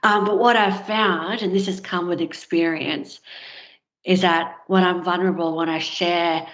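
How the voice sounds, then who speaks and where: Low-voiced woman telling a candid story. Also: steady tone, unhurried, fairly bright tone. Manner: candid, frank, with filler words. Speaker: guest. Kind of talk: personal storytelling in conversation. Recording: dull, lo-fi sound.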